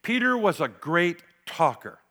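A man preaching a sermon as pastor, dramatic, swinging between loud declarations and near-whispered asides. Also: sits high, big pitch swings, unhurried. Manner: dramatic, varies loudness, drops to near whisper for emphasis.

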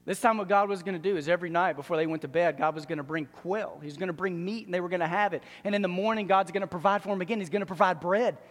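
A man with a high voice preaches a sermon in a large church hall, and his words ring out with a long reverb. He talks with animation, drops in joking asides and acts out other people's voices as he teaches. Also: very fast, hardly any pauses. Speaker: pastor.

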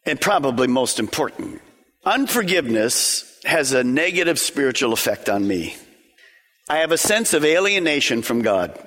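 A man's voice: on the high side, sharp tone, big-room sound. A male pastor preaching a sermon, emphatic and full of rhetorical questions and lists.

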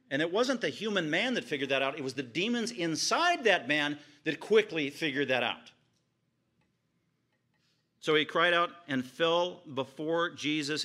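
Male pastor preaching, bright and slightly high voice, dramatic swings between hushed and exclaimed lines, repeats phrases for vivid effect. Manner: retells scripture vividly, piling up repeated phrases. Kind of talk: expository sermon.

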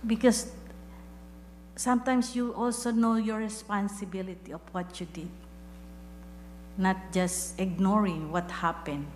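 A woman's voice: medium pitch, steady tone, unhurried, long pauses. A woman sharing a personal testimony and leading a fervent prayer in church, speaking earnestly and repeating phrases for emphasis. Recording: echoey hall with faint hum.

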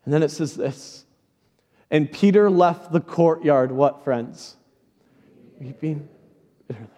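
Pastor type: a high-voiced man, dramatic storyteller, preaching in a reverberant sanctuary. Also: slow, warm tone. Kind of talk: sermon. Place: church sanctuary. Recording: large hall reverb.

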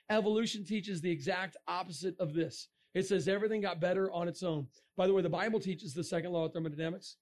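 A man giving a jokey, animated talk to an audience, breaking into sudden shouts. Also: high voice. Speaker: speaker. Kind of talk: comic science-and-faith talk to a crowd.

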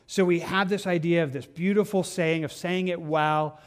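A man's voice: on the high side, fairly even intonation, normal speed. A man giving a casual devotional Bible teaching in an earnest, conversational way, often restarting and repeating words. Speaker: pastor.

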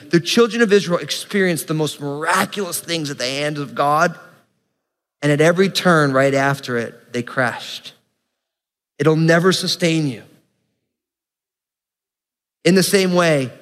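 A young pastor with a somewhat high voice preaches earnestly, mixing scripture reading with casual asides. His voice rings with the long reverb of a church sanctuary. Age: young adult. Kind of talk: sermon.

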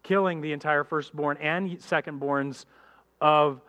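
A man preaching a sermon as pastor, animated and addressing the congregation directly, acting out characters in quick voices. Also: a little high.

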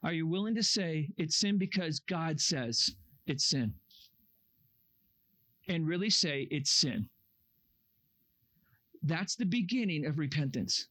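A man preaching a sermon to young campers, earnest and animated, acting out excuses in a raised voice. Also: on the high side, slow pace, long pauses. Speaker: camp speaker. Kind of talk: youth camp sermon. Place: camp meeting room.

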